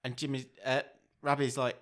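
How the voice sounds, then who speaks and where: A man's voice: mid-range voice, level tone, moderate pace, fairly bright tone. Guy on a film podcast, chatty, acting out bits of the plot. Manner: retells movie scenes, acting out lines. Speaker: podcast co-host. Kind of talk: casual film chat.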